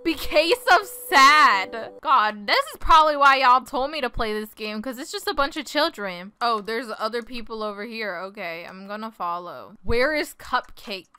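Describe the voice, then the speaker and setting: A woman's voice: fairly high pitch, moderate pace, few pauses, sharp tone, clear, resonant tone, no echo. A young woman giving playful, casual commentary over a game, often laughing as she reads other players' text aloud. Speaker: gaming video host.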